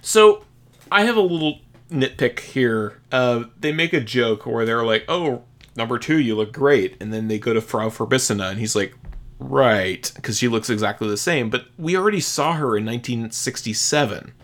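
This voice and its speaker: Animated man chatting casually about films. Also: mid-range voice. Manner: chatty, agreeable, quick nitpicks and asides. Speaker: podcast co-host. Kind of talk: casual movie discussion.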